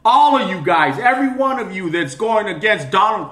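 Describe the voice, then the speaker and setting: A man's voice: high-pitched, lively intonation, normal speed, few pauses, fairly bright tone, echoey room. A man giving an angry opinion rant, agitated and stammering, often restarting his words. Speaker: video commentator.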